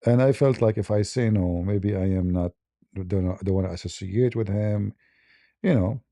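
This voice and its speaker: Gravelly dark-voiced man chuckling through a story. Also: fairly low pitch, moderate pace, no echo. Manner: chuckling, broken English, many restarts. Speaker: host. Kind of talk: casual storytelling on a live stream.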